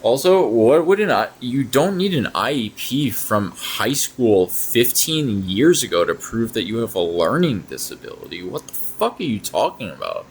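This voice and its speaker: A man's voice: medium pitch, sing-song, normal speed, few pauses, a little hiss or hum, rough recording. A man hosting a reaction video, talking casually in a blunt, sarcastic way and swearing often.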